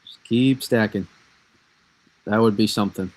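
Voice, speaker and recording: A man with a somewhat low, darkish voice talks a little slowly on a low-quality recording. He's casually breaking down a snowstorm forecast on a live stream, rambling, restarting sentences, and answering viewer questions from the chat as he goes.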